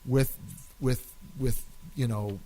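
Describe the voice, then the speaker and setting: A man's voice: mid-range voice, steady tone, slow, warm tone, poor audio. A man co-hosting a casual chat podcast, rambling and laughing often as he talks. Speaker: podcast co-host.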